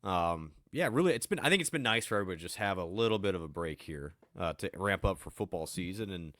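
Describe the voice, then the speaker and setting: A man with a fairly low voice co-hosts a sports podcast in relaxed chat. He is upbeat and teasing, throwing in quick asides as he talks. The recording is dry, close to the mic. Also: dry recording. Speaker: podcast co-host, team beat reporter.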